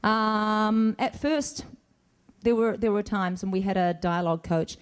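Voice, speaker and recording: A woman's voice: medium pitch, fairly even intonation, measured pace, clean tone. A middle-aged woman answering fan questions on a convention stage in a chatty, rambling way, laughing often. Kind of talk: casual stage Q&A. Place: convention stage before an audience.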